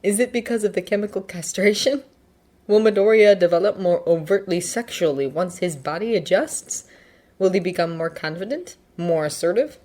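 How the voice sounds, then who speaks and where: A woman narrating a fanfiction audiobook with an expressive, lively reading. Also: fairly low pitch, moderate pace. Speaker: fanfiction reader.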